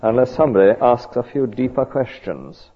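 A man preaching a sermon in an earnest, measured, conversational way. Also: mid-range voice, animated, dark tone, breathy edge. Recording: tinny echoey hall recording.

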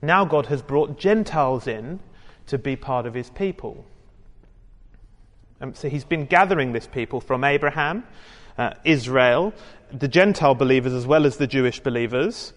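A man's voice: mid-range voice, animated, moderate pace. British man, chatty preacher, joking asides, long hall reverb. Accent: British English. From United Kingdom. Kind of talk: sermon. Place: church hall with a congregation.

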